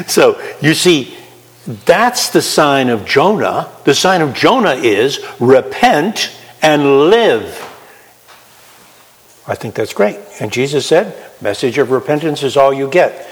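A man preaching a sermon, talking conversationally and putting questions to his listeners. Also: fairly high pitch. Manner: conversational, asks the audience questions. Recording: reverberant hall.

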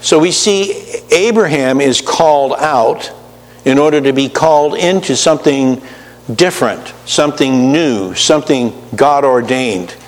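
Male pastor, mid-pitched, conversational sermon, reverberant hall. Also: measured pace. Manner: conversational preaching with asides to the congregation.

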